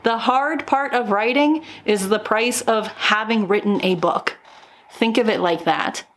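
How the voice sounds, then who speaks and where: A woman's voice: a little high, unhurried, fairly bright tone. A woman hosting a solo motivational podcast, talking in an upbeat, encouraging way with emphatic repetition, recorded at home. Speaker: podcast host.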